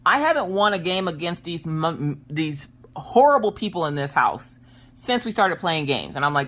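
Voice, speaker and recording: A woman in her thirties chatting casually while she works on a craft project, telling family stories in an animated way. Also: sits low, moderate pace. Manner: animated storyteller, acts out family quotes. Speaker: crafting vlogger. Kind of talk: casual chat while diamond painting.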